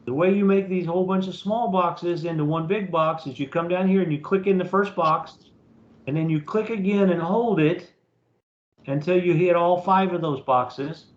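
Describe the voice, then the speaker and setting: A man with a high voice teaches an online class as a professor, walking students through the work step by step in a casual way and asking "okay?" again and again. His voice sounds roomy and somewhat dull, like a lo-fi meeting recording. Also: moderate pace. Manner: casual, repeats "okay?" to check understanding. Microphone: computer mic in a video meeting.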